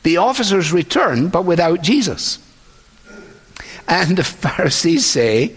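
A man preaching a sermon in an earnest, measured way, often quoting others. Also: sits high, very animated, breathy edge, big-room sound. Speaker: pastor.

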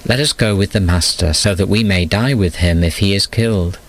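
A man's voice: low-pitched, brisk. A man voicing a loyal, devoted disciple in an earnest tone, in a storybook reading. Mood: resolute.

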